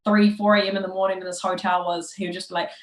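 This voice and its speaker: A woman's voice: fairly low pitch, flat delivery, racing. Chatty New woman, echoey room. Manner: laughing storyteller, lots of fillers. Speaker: guest. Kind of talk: casual podcast chat.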